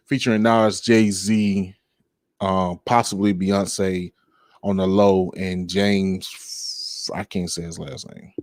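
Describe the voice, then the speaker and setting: A man's voice: fairly low pitch, dry recording, clean studio sound. A man hosting a casual music podcast, rambling and laid-back, with many fillers, and he laughs at his own slips. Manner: drawn-out speech with many fillers. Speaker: podcast host.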